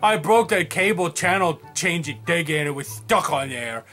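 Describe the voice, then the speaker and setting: A dopey, earnest male puppet, voiced by a man for a comedy sketch. He sounds bright and sing-song and drawls his goofy thoughts sincerely. Soft music plays faintly behind him. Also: fairly high pitch, lively intonation. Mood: naive. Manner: slow, naive and earnest. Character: dim-witted, cheerful puppet character, male.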